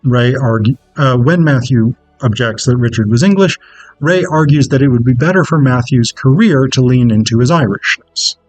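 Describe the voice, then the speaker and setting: A man's voice: medium pitch, darkish tone, dry recording, soft background music, poor audio. Man reading out an academic paper. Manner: measured, scripted delivery. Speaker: conference presenter.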